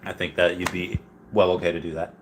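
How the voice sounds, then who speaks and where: Man, casual livestream host, deepish voice, rambling fillers, faint hiss. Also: flat delivery, brisk. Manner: chatty, many fillers and restarts, reads comments aloud. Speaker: livestream host answering viewer questions.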